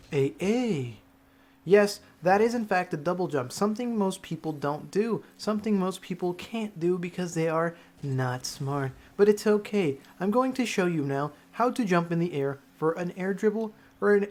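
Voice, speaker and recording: A man narrating a game tutorial over gameplay, talking like a mock-serious schoolteacher and swearing freely. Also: high-pitched. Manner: mock-serious teacher bit, swears often. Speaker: gaming tutorial creator.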